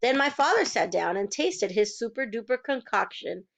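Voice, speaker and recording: A woman reading a children's novel aloud in a steady, plain storytelling voice. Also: a little high, moderate pace, vocal fry. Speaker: reader. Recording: dull lo-fi recording.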